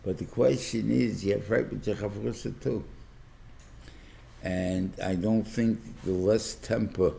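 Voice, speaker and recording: An older man, a rabbi giving a Torah class lecture, talking haltingly with many repeated words and acting out little dialogues. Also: fairly low pitch, steady tone, vocal fry, dark tone, a little hiss or hum. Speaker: rabbi teaching a weekly class.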